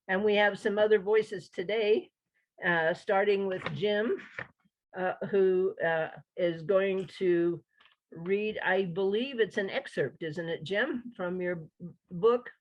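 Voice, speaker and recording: Woman reading her stories out loud at a writers group, expressive, a bit dull lo-fi audio. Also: lowish voice. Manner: expressive storytelling. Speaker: reader and host. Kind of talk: reading prose aloud at a writers' meeting. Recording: slightly muffled lo-fi recording.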